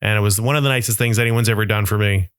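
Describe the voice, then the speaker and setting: A man's voice: on the low side, fairly even intonation, very fast, fairly bright tone, clean tone, no room sound. Rambling young man doing comic monologue. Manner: rambling, self-mocking storytelling. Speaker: podcast host.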